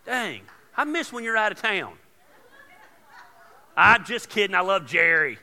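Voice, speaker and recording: Gravelly, bright pastor preaching. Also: male voice, sits high, very animated, unhurried, long reverb tail, some chatter behind. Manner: casual, joking, rising to loud emphatic preaching. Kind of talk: sermon.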